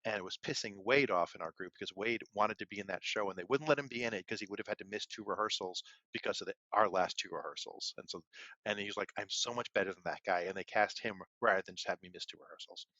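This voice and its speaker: A man's voice: lowish voice, fast, pushed and bright, no echo. A man co-hosting a podcast, telling a rambling, casual story with many fillers and restarts. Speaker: podcast co-host. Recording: dull, lo-fi, dry sound.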